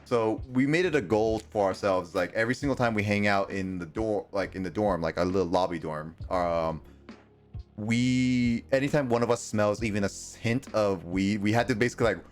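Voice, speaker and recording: Halting young man with a lowish voice. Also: faint music behind. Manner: halting, full of ums and restarts. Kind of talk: casual chat.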